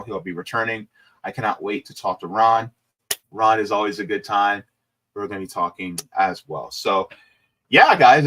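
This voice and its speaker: A man's voice: fairly low pitch, fairly bright tone. A man hosting a casual livestream, talking to viewers in a loose, rambling way with plenty of fillers. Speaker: livestream host.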